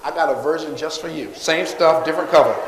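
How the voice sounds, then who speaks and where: High-voiced man working a crowd in an echoey hall. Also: fast talker. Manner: energetic call-and-response with the crowd. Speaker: motivational speaker selling books. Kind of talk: live stage talk to an audience. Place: large hall with live audience. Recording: echoey hall, long reverb.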